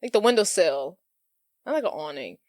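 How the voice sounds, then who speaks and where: A woman's voice: sits low, normal speed, dry recording, studio quality. A woman co-hosting a podcast, casually retelling a movie plot, acting out the lines and saying "like" often. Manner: animated storyteller, acts out quotes, lots of "like". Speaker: podcast co-host.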